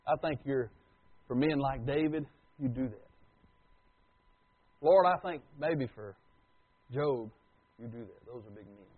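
A man preaching a sermon as pastor, swinging from loud declarations to hushed asides. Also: medium pitch, unhurried, pauses often, slightly rough. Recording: tinny phone-like recording.

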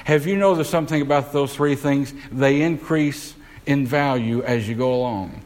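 A man preaching a sermon, putting questions to the congregation and slowing down to stress key words. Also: medium pitch, darkish tone, rough recording.

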